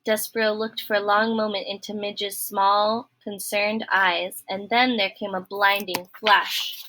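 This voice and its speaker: A woman reading a children's novel aloud, expressive and friendly, speaking directly to her listeners. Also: mid-range voice, unhurried. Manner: expressive, friendly, addresses the reader. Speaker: storybook reader.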